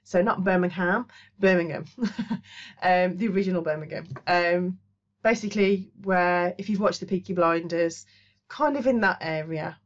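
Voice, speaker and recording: A woman's voice: lowish voice, normal speed, lo-fi sound. A woman with a Black Country accent chats casually to camera about her crafts, rambling with many ums. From Black Country, England. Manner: rambling, chatty, lots of ums. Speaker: crochet and craft channel host. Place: small home studio office.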